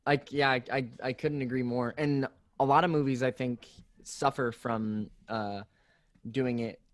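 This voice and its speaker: A man in a casual podcast chat, recorded dry and close with no room sound. He talks in a relaxed, agreeable way and often hesitates on "uh" and "um". His pitch is ordinary and middle. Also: a little slow, no room sound. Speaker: podcast co-host.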